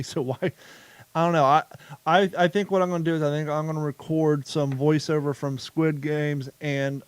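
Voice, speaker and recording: A man hosting a podcast in a loose, rambling way, with a touch of cursing. His voice sits a bit high for a man. The sound is dry and close, with no room around it. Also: darkish tone, no echo. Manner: rambling, loose, swearing freely. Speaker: podcast host. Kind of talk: casual podcast chat.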